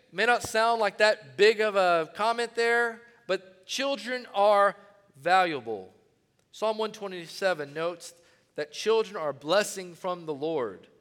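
A man preaching a sermon as pastor, animated, swinging between loud emphatic phrases and hushed ones. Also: high-pitched, takes it slowly, long reverb tail.

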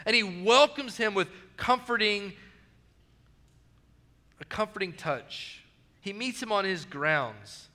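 High, bright-voiced preacher in a reverberant hall. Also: male voice. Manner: earnest, repeats key phrases, drops to soft low lines on quotes. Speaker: pastor. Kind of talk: sermon.

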